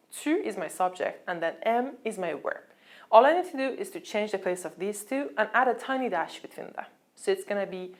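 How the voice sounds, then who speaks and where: A woman, teaching an online language lesson, who explains patiently and says her examples slowly. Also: medium pitch.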